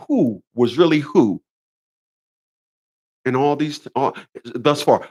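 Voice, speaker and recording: Animated mocking man ranting to viewers. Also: mid-range voice, takes it slowly, slightly rough. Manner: mocking, laughs at his own jokes, repeats phrases. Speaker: commentary vlogger. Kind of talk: monologue rant.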